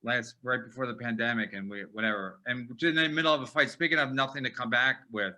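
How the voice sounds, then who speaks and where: A male comedian guest with a mid-pitched, strikingly bright and sharp voice. He tells crude stories in a deadpan way, with the punchlines said flat. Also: fast talker. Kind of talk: comedy storytelling.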